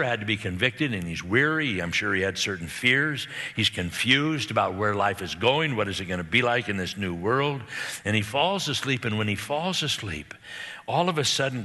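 Man preacher, animated sermon storyteller, bright forceful tone, long hall reverb. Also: fairly low pitch. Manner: animated, acts out the characters' lines.

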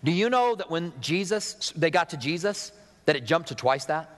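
A man's voice: a little high, animated, moderate pace, a bit bright. Man preaching in a reverberant church. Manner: conversational preaching with asides and acted-out quotes. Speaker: pastor. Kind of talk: sermon. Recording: long hall reverb.

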